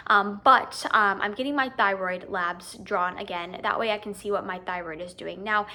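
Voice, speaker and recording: Bright-voiced young woman, candid rambling vlog. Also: medium pitch. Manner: rambling, many ums and you-knows, tearful in places. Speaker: vlogger and fitness coach.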